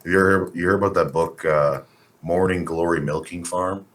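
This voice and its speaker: A man in casual podcast chat, halting and hesitant, with many fillers. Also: sits low, fairly even intonation, a bit bright. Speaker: podcast co-host.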